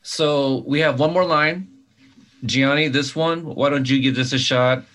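A man's voice: mid-range voice, a little slow, fairly bright tone. A man playing a rambling casting director who stammers and restarts his sentences. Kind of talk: comedic sketch, audition scene.

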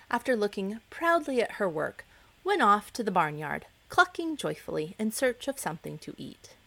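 A woman hosting a reading show, narrating a children's story in a gentle, expressive way. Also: mid-range voice. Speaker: storybook reader, host.

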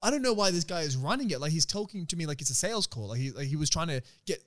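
A man co-hosting a casual podcast, excitable and swearing, throwing questions at the others. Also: fairly high pitch, racing. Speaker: podcast co-host. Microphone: studio podcast mic.

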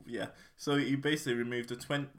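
A man's voice: medium pitch, level tone, fast talker. A man hosting a podcast in a casual, chatty way. He reads out history facts, jokes around and often trips over his words. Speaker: podcast host.

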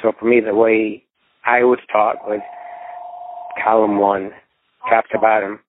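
A man's voice: on the low side, level tone, a little slow, background noise. A man sharing at a phone recovery meeting, explaining in a casual way with everyday examples. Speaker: meeting participant. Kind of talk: personal recovery share. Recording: tinny phone line.

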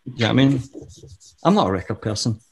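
A middle-aged man talks as an interview guest, swearing freely as he tells one anecdote after another. His voice sits at an ordinary middle pitch for a man. He keeps things casual and lively. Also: quick pace, gravelly, slight background noise. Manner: profane, animated anecdotal storyteller.

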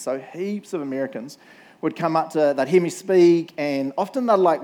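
A middle-aged man with a New Zealand accent preaches in a chatty, storytelling way, dropping jokes and tagging his points with "right?". His voice sits a little higher than most men's. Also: darkish tone. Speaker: pastor. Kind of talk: casual sermon storytelling.

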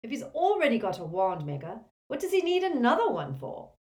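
A blunt teenage boy, voiced by a woman narrator, questions the logic in a lively, rising voice. He sounds puzzled but direct. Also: on the high side, a little fast, distant mic, pitched above the performer's own voice.

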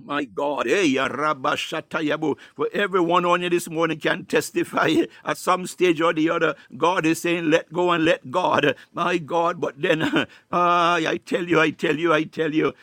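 A man's voice: fairly high pitch, steady tone, moderate pace, hardly any pauses, sharp tone, no echo, clean studio sound. A man leading a spontaneous intercessory prayer, exhorting listeners and breaking into speaking in tongues, with "my God" and "uh" woven through his phrases. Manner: fervent, repetitive, chuckles between phrases. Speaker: prayer leader.

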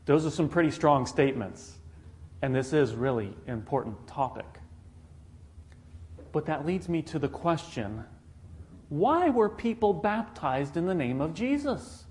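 A man's voice: a little high, big pitch swings, unhurried, darkish tone. Earnest man preaching a sermon. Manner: earnest, rhetorical questions to the congregation.

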